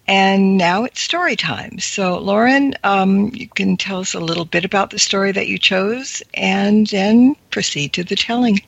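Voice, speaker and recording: A host introducing a guest in a relaxed, slightly hesitant way. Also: medium pitch, a little slow, vocal fry, hardly any pauses, dry recording, dull audio. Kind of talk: casual interview chat.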